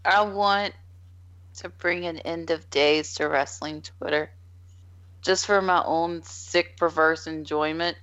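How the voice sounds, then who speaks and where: A woman's voice: sits low, steady tone, takes it slowly, fairly bright tone, dull audio. A woman on a casual podcast panel, speaking with mischievous giggles.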